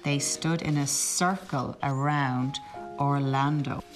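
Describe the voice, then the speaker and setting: Slow, expressive woman reading a storybook. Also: a bass voice, over music. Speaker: storybook reader. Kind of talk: reading a picture book aloud.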